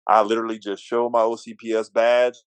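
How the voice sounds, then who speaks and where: A man telling a story as a podcast guest, lively and self-deprecating, stumbling over restarts. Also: on the low side, brisk, smooth, no echo. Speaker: guest, athletic director.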